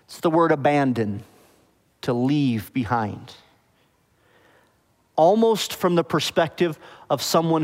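A pastor preaching a sermon, explaining the meaning of words and often checking with the congregation whether it makes sense. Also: male voice, mid-range voice, long reverb tail. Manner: explains word meanings, asks the congregation "okay?" and "does that make sense?".

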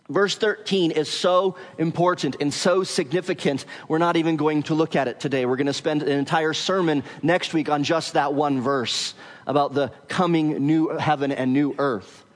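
A man preaching an expository sermon as pastor, measured and emphatic, slowing down to stress key words. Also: fairly high pitch, fairly even intonation, in a large hall.

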